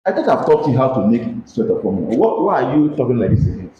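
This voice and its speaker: A man's voice: medium pitch, very animated, fast, mellow, roomy sound, dull audio, a little hiss or hum. A man with a Nigerian English accent teaching a physics lesson, questioning students and coaxing them to answer aloud. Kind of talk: classroom lesson with call-and-response questions.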